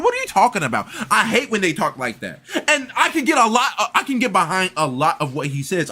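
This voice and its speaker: A man's voice: sits high, bright, forceful tone, slightly rough. A young man reacting to a video in casual commentary, incredulous and stammering through restarts.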